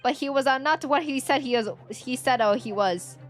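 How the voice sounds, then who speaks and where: A woman voicing an excitable, food-loving male Italian thug with an exaggerated comic Italian accent and many fillers. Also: high voice, normal speed, soft background music, natural voice. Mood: boastful.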